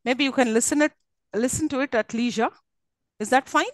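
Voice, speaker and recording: Indian English woman, online lecturer, fairly high voice, halting with fillers, dry close mic. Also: dry recording, poor audio. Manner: explanatory, many fillers and restarts, checks in with the class.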